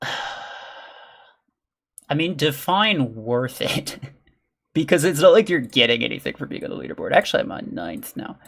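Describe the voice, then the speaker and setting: A man's voice: medium pitch, gravelly, a bit bright. A man streaming a video game live, chatting casually with viewers and muttering as he plays. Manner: chatty, reads and answers chat, mutters during play. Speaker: gaming livestreamer. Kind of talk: casual live-stream chat while playing.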